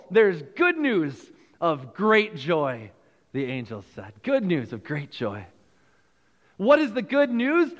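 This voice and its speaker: In a church sanctuary, a pastor with a fairly high voice delivers a Christmas sermon in a conversational way, repeating phrases and restarting sentences. A long hall reverb carries his words.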